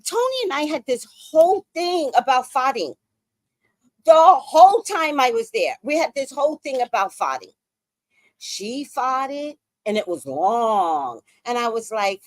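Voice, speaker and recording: Animated woman telling a story. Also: normal speed, no room sound. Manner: lively anecdote with acted-out quotes, swings between high and low pitch. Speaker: podcast host.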